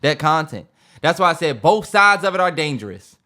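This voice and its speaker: Animated man co-hosting a casual podcast. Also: a little fast. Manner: animated storyteller, voice jumps high when acting out stories. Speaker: podcast co-host. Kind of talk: casual chat.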